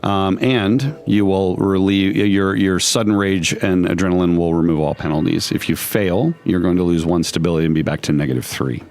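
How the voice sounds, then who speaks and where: A low-voiced man runs a horror tabletop game as game master. He describes scenes vividly but halts often and leans on fillers. His pitch stays in the lower range for a man. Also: normal speed, few pauses, a little mellow.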